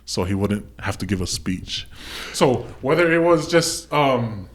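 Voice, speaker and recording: An easygoing man hosts a podcast chat, quick to laugh and to back up his guest with short agreeing words. He tells stories at an unhurried pace in a middle-pitched voice. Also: animated, slight background noise. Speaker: podcast host. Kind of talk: casual chat.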